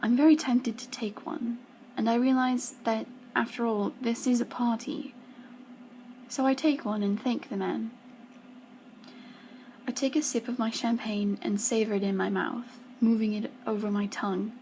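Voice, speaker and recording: A woman's voice: on the high side, fairly even intonation, moderate pace, a little mellow, slight background noise, low-quality recording. A young woman reading her story aloud. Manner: slips into whispers, small stumbles. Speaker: student reader.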